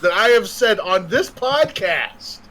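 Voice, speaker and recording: High-voiced man ranting on a podcast. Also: lively intonation, slow, bright, forceful tone, a little hiss or hum, poor audio. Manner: ranting, swears freely. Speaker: podcast co-host. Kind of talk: casual podcast chat.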